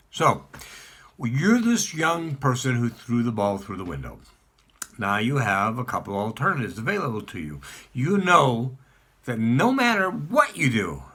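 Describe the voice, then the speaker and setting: A man's voice: medium pitch, pushed and bright. A man speaking as a rabbi, giving a sermon built around a parable and putting questions to his listeners. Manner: storytelling, asks the listeners questions.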